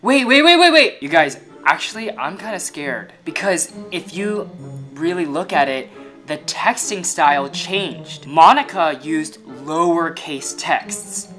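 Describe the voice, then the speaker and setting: Excitable man reacting out loud. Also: on the high side, slow, soft background music. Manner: excitable, exclaiming, teasing. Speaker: reaction video host. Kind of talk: reaction commentary.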